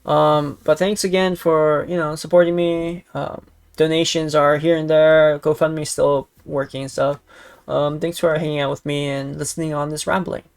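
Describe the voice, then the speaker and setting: A man streamer with a hoarse, raspy voice, talking in a casual rambling vlog update. He vents with frustration, repeats his phrases, and sounds tired. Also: a little high, flat delivery, normal speed. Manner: tired and sleepy by the end. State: hoarse, voice worn out.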